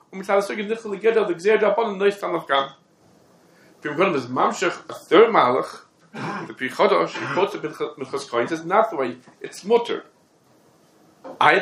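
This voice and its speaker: A man delivers a Talmudic lecture, firing questions and answering them himself. His voice sits a little high. The room around him is echoey. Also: fairly bright tone. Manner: rapid, question-and-answer reasoning. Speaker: Torah teacher.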